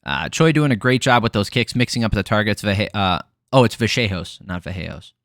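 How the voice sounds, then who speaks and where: A man's voice: on the low side, lively intonation, a little fast, a bit bright, no echo, studio quality. A man hosting a casual fight recap, talking bluntly with frequent swearing and filler words. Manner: blunt, frustrated, swears freely, many fillers. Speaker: MMA podcast host.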